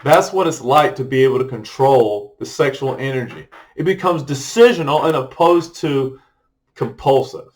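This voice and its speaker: A man's voice: medium pitch, moderate pace, poor audio. A middle-aged man talking casually to camera in a rambling personal vlog, loose and full of fillers and restarts. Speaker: vlogger.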